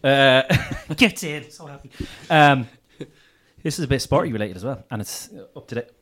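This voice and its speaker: Excitable laughing radio co-host man. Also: mid-range voice, normal speed. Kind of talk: casual radio banter.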